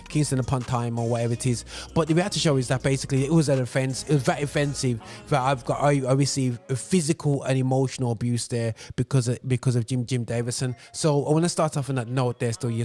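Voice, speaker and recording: A man's voice: mid-range voice, a little mellow. Male presenter talking loosely over faint music. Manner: conversational, many fillers, digresses. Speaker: radio presenter. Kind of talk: casual spoken commentary.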